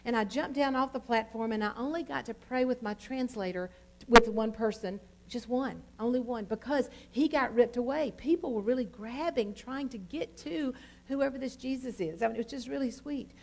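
A middle-aged woman preaches, telling her story with plenty of ums and uhs. Her voice sits a bit high, and she talks in a lively, storytelling way. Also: normal speed, gravelly, noisy background. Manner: storytelling, animated with many fillers. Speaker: pastor. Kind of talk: sermon testimony.

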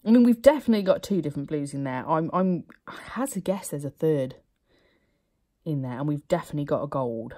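A woman's voice: low-pitched, lively intonation, brisk, dark tone. A woman vlogger in her thirties chatting casually, laughing and sometimes dropping to a whisper. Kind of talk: casual vlog chat.

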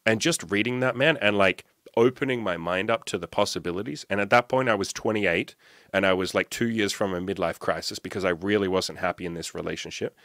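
A man's voice: sits low, brisk, a bit bright, no room sound, studio quality. A man on a podcast as a guest, telling a candid, profane personal story and acting out his own past thoughts. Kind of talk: casual storytelling.

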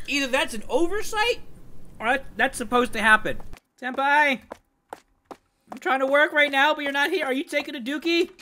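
A woman hosting a horror game let's play, talking loudly and excitably, swearing and laughing as she plays. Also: sits high, slight background noise. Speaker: gaming video host. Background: game music.

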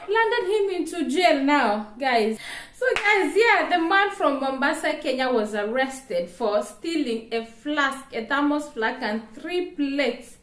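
A woman's voice: high voice, animated, takes it slowly, a bit bright. Laughing, exclaiming woman vlogger, echoey room. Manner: laughs often, exclaims, talks to viewers directly. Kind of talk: casual news commentary to camera.

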